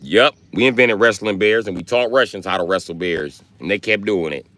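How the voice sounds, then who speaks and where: A man's voice: lowish voice, brisk, no echo. A man hosting a livestream, telling rambling, profane comedic stories. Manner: profane, rambling, lively storytelling. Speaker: livestream host.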